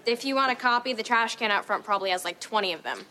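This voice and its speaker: A sarcastic, mischievous teen girl, played by a woman in a sitcom, with a fairly high voice. She teases and tosses off putdowns. Background noise from the set hums behind her. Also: fast talker, a crowd in the background, close to an everyday voice. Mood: teasing. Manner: sarcastic, teasing.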